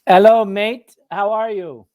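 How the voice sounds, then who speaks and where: A man answering quick questions as a guest in a live online interview, friendly and hesitant, over a video call. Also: high-pitched, fairly even intonation, darkish tone. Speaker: guest, wellness coach.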